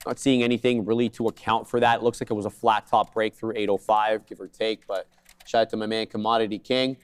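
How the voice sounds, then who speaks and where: A man co-hosting a live day trading show, calling trades in quick jargon with joking asides. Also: on the low side, flat delivery, clear, resonant tone, no echo.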